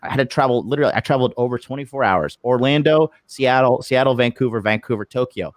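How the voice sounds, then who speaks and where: Casual podcast guest, male, profane and animated storyteller, dry close sound. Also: mid-range voice, fast, no room sound. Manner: profane, animated retelling with acted quotes. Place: lives abroad in Japan.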